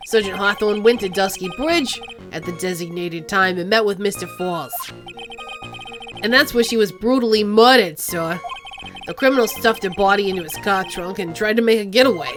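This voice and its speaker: A woman's voice: mid-range voice, normal speed, over music, close to an everyday voice. A woman voicing a stiff, formal male police detective testifying in a game. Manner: formal, clipped, says sir.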